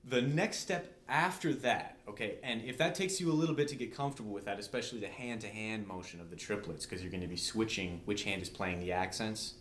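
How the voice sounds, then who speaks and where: A drum teacher with a lowish, fairly bright voice walks through a lesson step by step, patient and conversational, often asking "okay?" along the way. It's an instructional demonstration in a room with a drum set, and the recording sounds echoey.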